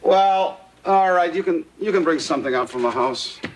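An actor playing a patient, mild-mannered sitcom husband who gives dry, deadpan replies. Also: male voice, fairly high pitch, normal speed, a little hiss or hum, close to an everyday voice, rough recording. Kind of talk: 1980s sitcom acting. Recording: studio audience laughter.

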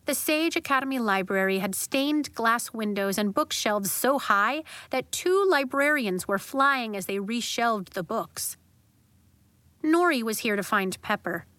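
A woman narrating a children's storybook aloud in a gentle, expressive way. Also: fairly high pitch, unhurried, dry recording.

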